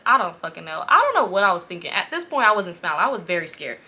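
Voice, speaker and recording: A young woman from Los Angeles tells a story to her camera in a loose, animated way. She swears freely and laughs as she talks. Her voice is bright and forward. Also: medium pitch, very fast, few pauses. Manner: animated, profane, laughing often. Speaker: vlogger. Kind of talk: casual storytime.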